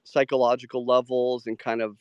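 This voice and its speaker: A man hosting a live audio show, chatting casually about trading with many "like" fillers and quick agreeing murmurs. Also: medium pitch, flat delivery, darkish tone, clean tone, no room sound, highs cut off.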